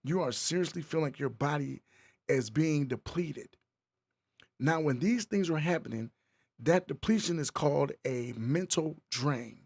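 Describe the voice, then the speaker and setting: Gravelly podcast host hyping the crowd. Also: male voice, on the high side, a little slow. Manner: hyped crowd-work, repetitive, loose. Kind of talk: casual hosting monologue.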